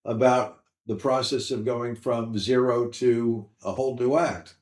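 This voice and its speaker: Man telling animated comedy stories. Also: mid-range voice, a little slow. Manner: animated anecdotes, mimics voices in quotes. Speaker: stand-up comedian guest. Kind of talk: storytelling interview. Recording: roomy echo.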